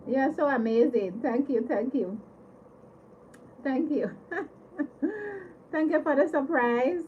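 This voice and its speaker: A woman's voice: a little high, muffled recording, a little hiss or hum. A woman hosting a casual livestream from her home, giggly and apologetic, thanking her viewers again and again. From Caribbean. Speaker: livestream host. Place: home living room.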